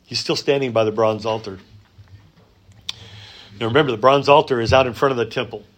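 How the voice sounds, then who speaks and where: A man preaching a sermon in a conversational way, rising for emphasis and dropping to soft asides. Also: mid-range voice, fairly even intonation, brisk. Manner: conversational, many fillers and restarts. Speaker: pastor.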